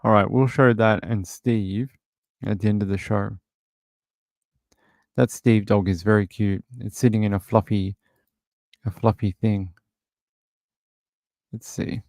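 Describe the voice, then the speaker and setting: Low gravelly man hosting a livestream. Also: steady tone, unhurried, long pauses, a little mellow, dry recording, clean studio sound. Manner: chatty, rambling, full of filler words. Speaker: livestream host. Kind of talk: casual chat reading viewer comments.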